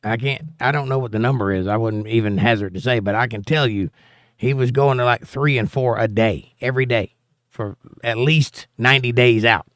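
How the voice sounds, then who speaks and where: A man's voice: mid-range voice, moderate pace, a bit bright, no room sound, studio quality. A man with a Southern accent hosting a casual political livestream, reading viewer comments aloud with wry, joking asides. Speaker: livestream host.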